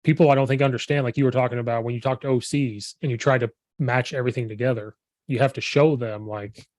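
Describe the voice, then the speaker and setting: Animated, slightly hoarse man host. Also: mid-range voice, quick pace, dry recording. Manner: animated storyteller, quotes himself, laughs often. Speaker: podcast host and football coach. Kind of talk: casual chat.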